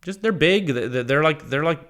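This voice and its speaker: A man's voice: on the high side, animated, a little fast, a bit bright. A man hosting a podcast, talking in a casual, rambling monologue with exasperated rants, frequent laughter and quoted asides. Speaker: podcast host.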